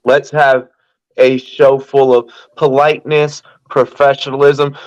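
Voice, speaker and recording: A man's voice: mid-range voice, little pitch movement, measured pace, lo-fi sound. A man hosting a casual sports podcast over a call, hype-man style, loose and profane. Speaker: podcast host.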